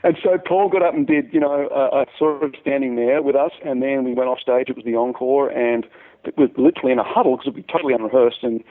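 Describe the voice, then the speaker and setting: A man with an Australian accent, a musician guest telling animated anecdotes and often repeating words as he goes. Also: mid-range voice, fast. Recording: tinny phone-like line.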